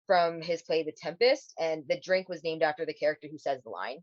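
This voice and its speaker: A woman's voice: sits low, fairly quick, few pauses, a little mellow, no room sound. Laughing, foul-mouthed woman podcaster. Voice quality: swears freely, laughs often. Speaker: podcast co-host. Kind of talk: casual chat. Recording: dull, lo-fi dry sound.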